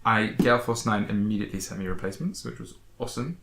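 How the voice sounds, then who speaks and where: A man's voice: lowish voice, fast talker, gravelly, a bit bright. A man hosting a casual review chat, hesitant and rambling, with many fillers and restarts. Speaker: board game channel host. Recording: echoey room.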